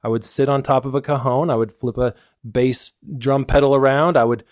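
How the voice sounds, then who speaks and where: A man's voice: mid-range voice, steady tone, moderate pace, no room sound. A man with a mid-range voice, recorded dry and close, appearing as a musician guest on a podcast. He explains himself in a meandering, hesitant way, with frequent ums and restarts. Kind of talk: casual podcast chat.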